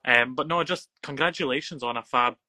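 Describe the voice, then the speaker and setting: A man's voice: medium pitch, fairly quick, sharp tone, no echo, low-quality recording. A man with a Scottish accent, a guest actor in casual chat, bubbly and teasing.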